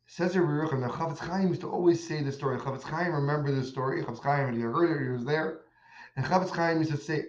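A man teaching a religious lesson, telling stories and asking emphatic rhetorical questions, in an echoey, dull recording. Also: mid-range voice. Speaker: Torah teacher. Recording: echoey room, dull lo-fi sound.

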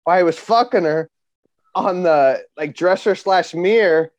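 A man in casual joking banter who throws in quick, crude quips. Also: high voice, no room sound.

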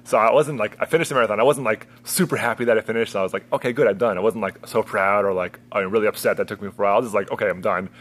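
A man's voice: on the low side, fairly even intonation, racing, hardly any pauses, a bit bright. A young adult man, a guest coach, telling stories in a rambling casual way and laughing often. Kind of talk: casual chat.

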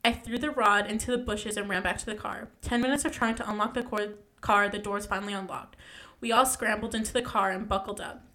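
A woman's voice: medium pitch, steady tone, fairly quick, hardly any pauses, bright, forceful tone. A young woman casually reading a ghost story aloud, stumbling and correcting herself as she goes.

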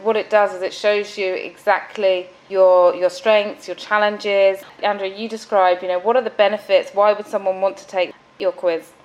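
A woman's voice: medium pitch, flat delivery, normal speed, few pauses, a little mellow, low-quality recording. A woman hosting a podcast interview, enthusiastic and speaking directly to listeners. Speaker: podcast host.

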